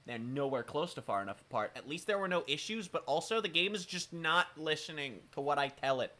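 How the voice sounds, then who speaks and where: A man streaming a racing management game, talking casually with a raspy, smoker-like voice, swearing and making wry remarks as he thinks aloud. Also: a little high, animated, a little fast, pushed and bright. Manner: profane, wry, thinking aloud while playing. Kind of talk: casual live-stream commentary.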